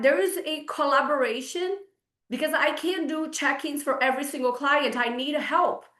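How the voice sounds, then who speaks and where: A woman's voice: sits high, moderate pace, a bit bright. A woman in her forties, a fitness coach, bluntly lecturing her clients on a group video call. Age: 40s. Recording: echoey room.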